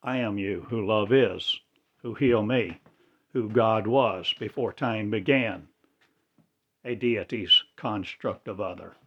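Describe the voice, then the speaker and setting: A man's voice: fairly low pitch, takes it slowly, dull audio. A man delivering a rambling religious monologue in cryptic, incantatory, broken phrases. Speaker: self-styled religious speaker.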